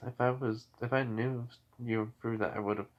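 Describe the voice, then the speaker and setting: A shy, embarrassed woman hero who speaks quietly and haltingly, as a man puts her on while retelling a story. Her words come soft and hesitant, with many restarts. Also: mid-range voice, steady tone, muffled recording, natural voice.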